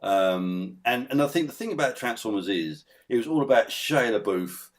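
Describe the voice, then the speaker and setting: Man, podcast guest, casual chat, ranting, heavy swearing, mid pitch. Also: animated, moderate pace. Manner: ranting, swears a lot, laughs mid-rant.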